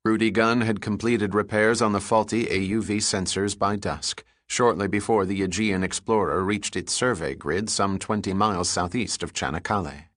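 A man reading an adventure novel aloud as its narrator, steady and even. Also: fairly low pitch, normal speed, hardly any pauses, no room sound, clean studio sound. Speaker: audiobook narrator. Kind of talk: scripted narration.

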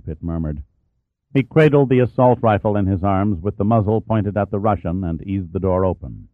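A man narrates a story with a low, steady, measured voice. The sound is dry and narrow, like a phone line. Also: no echo. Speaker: audiobook narrator. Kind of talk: scripted narration.

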